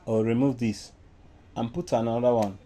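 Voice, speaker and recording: A man's voice: medium pitch, fairly even intonation, normal speed, dark tone. A man with a Nigerian English accent giving an informal music lesson, explaining step by step and singing solfa syllables as examples. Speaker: music teacher.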